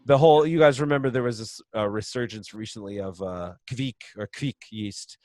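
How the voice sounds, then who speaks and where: A man's voice: lowish voice, moderate pace, a little mellow, no room sound. A man, a brewery co-founder and podcast guest, explaining at length in a chatty way and laughing often, heard over a video call. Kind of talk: casual podcast interview.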